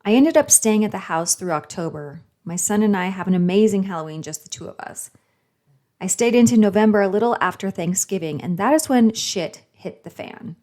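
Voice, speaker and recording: A woman on a podcast, reading a story recap in an even tone and chiming in with blunt, supportive comments. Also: mid-range voice, brisk. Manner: reads recap narration evenly, then reacts with laughter and blunt agreement. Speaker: podcast host. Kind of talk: podcast narration and chat.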